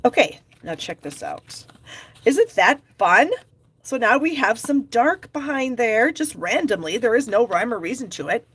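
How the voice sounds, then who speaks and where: A middle-aged woman with a slightly rough, a little high voice talks animatedly at normal speed, hardly pausing, with no echo in the sound. She hosts a live card-making class, chatting with viewers and joking at her own expense as she works.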